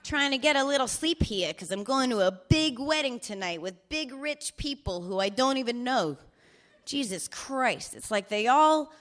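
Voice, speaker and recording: A cheerful, foul-mouthed older father leaving rambling voicemails, as his daughter puts him on. His voice sits fairly high and swings widely between phrases. He teases, swears and says he loves her in the same breath. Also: a bit bright. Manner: swearing freely, wry and affectionate. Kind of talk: reading voicemails aloud in character.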